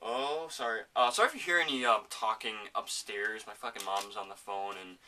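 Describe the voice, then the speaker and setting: A man hosting a casual home podcast, rambling excitedly about a video game and swearing often. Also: lowish voice, fairly quick, distant mic, slight background noise. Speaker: podcast host. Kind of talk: casual gaming chat.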